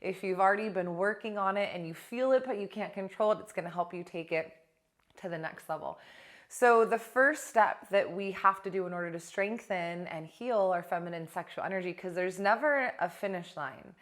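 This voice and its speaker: A young adult woman coach talking casually to camera in a blunt, animated way, swearing now and then. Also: medium pitch, moderate pace. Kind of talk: casual direct-to-camera talk.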